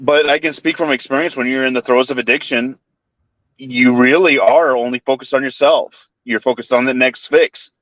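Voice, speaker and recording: A man's voice: medium pitch, fairly even intonation, moderate pace, fairly bright tone, no room sound. A man hosting a live stream chat, earnest and sympathetic. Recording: dull lo-fi audio.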